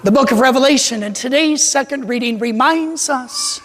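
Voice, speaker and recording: A man's voice: extremely high pitch, normal speed, hardly any pauses, a bit bright. A man leading a sermon as a parish priest, playful and joking as he has the congregation repeat a cheer after him. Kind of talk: sermon with a call-and-response cheer. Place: large church with a congregation. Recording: echoey church with crowd behind.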